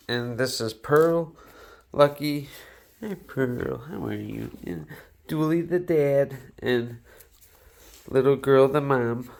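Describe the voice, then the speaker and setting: A man's voice: mid-range voice, creaky. A man chatting casually at home in his living room, showing off his dogs and cooing at them in baby talk. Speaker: dog owner. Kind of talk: casual home video talking to pets.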